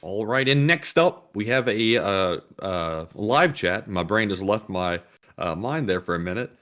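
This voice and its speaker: A man co-hosting a livestream reads viewer messages aloud in an even, ordinary voice. He is relaxed, sometimes tripping over a word before he carries on. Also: lowish voice, unhurried. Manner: plain, reads out messages, stumbles over words. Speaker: co-host reading viewer messages. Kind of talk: casual livestream chat.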